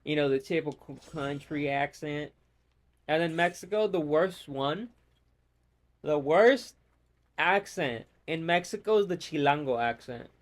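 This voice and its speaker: American dude rambling while gaming, cusses a lot, voice a bit on the high side. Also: male voice, measured pace. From United States. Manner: rambling, profane, ranting. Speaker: gamer. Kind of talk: casual gameplay chat.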